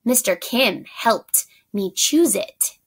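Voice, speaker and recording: A woman's voice: on the high side, lively intonation, slow pace, slightly rough, heavily acted. A woman reading aloud and voicing a kind young schoolboy who speaks hesitantly, a little embarrassed. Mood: sheepish.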